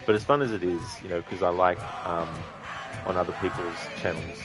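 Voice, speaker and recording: A man streaming a video game, chatting casually with viewers, relaxed and rambling with plenty of ums. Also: low-pitched, a little fast, over music, a crowd in the background. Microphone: streaming microphone at the console.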